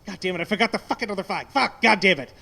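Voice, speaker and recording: A man with a high voice performs a stand-up set at an open mic. He rambles, mocks himself and curses freely. He is on a handheld mic in a small brewery taproom. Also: rapid-fire, creaky, pushed and bright. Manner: self-deprecating, rambling, swearing. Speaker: stand-up comic.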